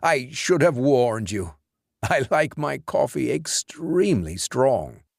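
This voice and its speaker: A gracious, formal old grandfather in a horror storybook, voiced by a male narrator. He speaks in an unhurried, courtly way, his gravelly voice rising and falling with lively pitch. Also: dry recording, clean studio sound, exaggerated voice. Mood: courteous.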